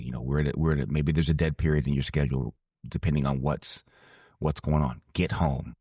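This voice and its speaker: Very deep-voiced earnest man in his forties. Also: steady tone, normal speed, dark tone, husky, dry recording, studio quality. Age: 40s. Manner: earnest, emphatic, repeats phrases and restarts. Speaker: podcast guest, former ballplayer and broadcaster. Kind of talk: storytelling interview answer.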